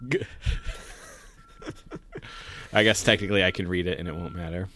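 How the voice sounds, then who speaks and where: A man's voice: deep voice, measured pace, pushed and bright, a little hiss or hum. A man co-hosting a podcast in casual chat, joking and laughing often. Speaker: podcast co-host.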